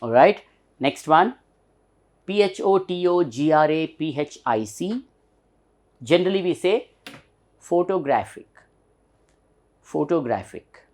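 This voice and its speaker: A man with an Indian English accent teaching a lesson, slowly repeating and stressing the example words. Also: on the high side, animated, darkish tone. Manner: slow, repeats example words several times; stretches and stresses the demonstrated words. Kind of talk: recorded classroom lesson.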